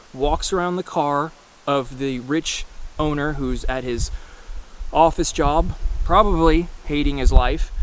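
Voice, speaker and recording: A man in his mid-thirties delivers a loose, rambling monologue to his viewers. He is blunt and swears freely, often restarting his sentences as he talks. His voice sits slightly high for a man. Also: a little hiss or hum. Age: 30s. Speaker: vlogger. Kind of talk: casual ranting monologue.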